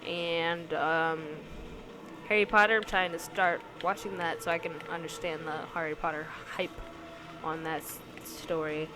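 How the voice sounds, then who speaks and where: A woman's voice: lowish voice, fairly even intonation, measured pace. A woman vlogger reading questions aloud and answering them in casual chat, rambling and hesitant with many fillers. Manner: rambling, hesitant, lots of ums and likes. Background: background music.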